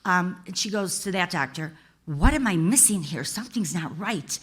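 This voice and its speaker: A woman's voice: lowish voice, animated, normal speed, a bit bright, slightly rough. A middle-aged woman giving a personal testimony in church, talking conversationally and with emotion, often turning to the congregation as "you guys.".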